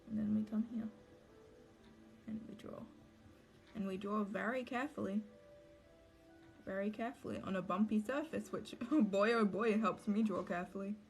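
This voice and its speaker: A woman's voice: medium pitch, normal speed, vocal fry, soft background music. Anxious rambling young woman streamer. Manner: anxious, rambling, talks to chat while drawing. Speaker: livestreaming cosplay maker. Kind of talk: casual livestream chat while crafting.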